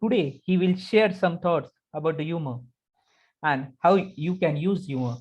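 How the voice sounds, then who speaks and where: A man's voice: a little high, normal speed. A man introducing a guest speaker in a formal, announcing way. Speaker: event host introducing the speaker. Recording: muffled lo-fi audio.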